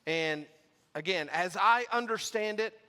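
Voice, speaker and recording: A man's voice: high voice, unhurried, bright, forceful tone, smooth, long reverb tail. A man preaching a sermon as pastor, casual and conversational as he reads and explains scripture. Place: church sanctuary.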